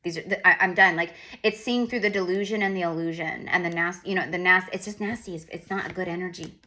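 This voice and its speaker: Bright, chatty woman tarot reader, rambling and repetitive. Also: fairly low pitch, fast. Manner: rambling, repetitive, animated asides. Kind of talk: casual spoken tarot reading.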